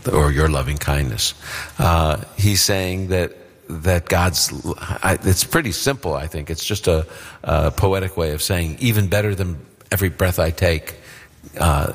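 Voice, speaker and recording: Man, very low voice, long reverb, plainspoken Bible teacher for radio call-in Q&A. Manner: plainspoken, explanatory, checks for understanding.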